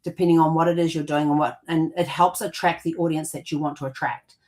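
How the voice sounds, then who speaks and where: Woman with a lowish voice, rambling chat. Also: steady tone, fast talker, darkish tone. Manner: rambling, with many fillers and restarts. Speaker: co-host. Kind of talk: casual conversational explanation.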